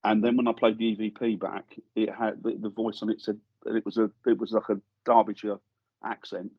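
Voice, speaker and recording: A husky-voiced man is a guest in a studio, telling a story in a relaxed, conversational way. He acts out the voices of the people he quotes. The sound is close and dry, with a slightly dull edge. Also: fairly low pitch, a little fast, dry recording. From England. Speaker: guest paranormal investigator. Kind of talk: casual storytelling anecdote.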